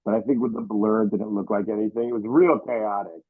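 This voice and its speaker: A comedian telling prank stories in a casual interview, lively and blunt, recorded on a video call. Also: male voice, fairly quick, husky, no echo, narrow, tinny audio. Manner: animated storyteller, acts out quoted people in high voices. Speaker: comedian and prank show host, guest.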